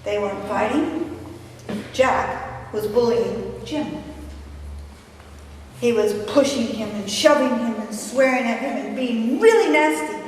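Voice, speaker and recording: An older woman giving a dramatic personal storytelling speech at a club meeting, recorded from far off in an echoey hall with faint hiss. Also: fairly high pitch. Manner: dramatic, measured pauses. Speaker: toastmasters speaker.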